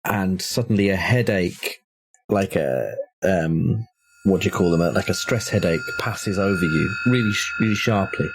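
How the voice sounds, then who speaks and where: A man running a tabletop horror game as game master, narrating in a measured, descriptive way with small hesitations. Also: sits low, a little hiss or hum.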